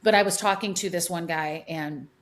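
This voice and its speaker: A middle-aged woman with a fairly low voice tells stories with heavy emphasis, circling back to repeat her points. She talks as a hairdresser guest in a relaxed podcast chat. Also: moderate pace. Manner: emphatic storyteller, many restarts and repeats. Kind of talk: animated podcast conversation.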